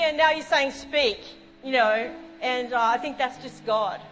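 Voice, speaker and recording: A woman pastor preaching a sermon, telling a story and acting out what people said, with animated exclamations. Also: sits high, unhurried, in a large hall, faint music behind, poor audio. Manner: animated, acts out quotes, exclaims.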